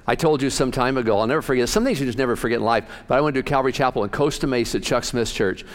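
A man's voice: medium pitch, rapid-fire. A male pastor preaching in a folksy, joking, conversational way, telling stories. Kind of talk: sermon.

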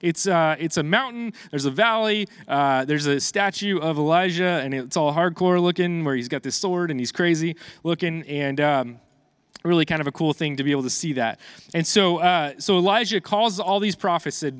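A man in his thirties preaching in a loose, conversational way, slightly high-pitched, stumbling and restarting as he reads scripture and jokes with the crowd. The recording is dry and close, with almost no room sound. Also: normal speed, clear, resonant tone, no room sound. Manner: conversational, chatty asides to the congregation, frequent restarts and fillers. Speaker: pastor. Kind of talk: casual sermon with scripture reading.

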